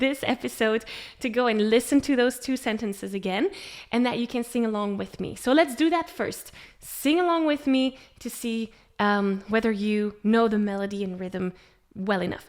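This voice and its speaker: A woman teaching a spoken singing lesson, friendly and encouraging, laughing now and then. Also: a little high. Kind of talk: spoken vocal lesson with sung demonstrations.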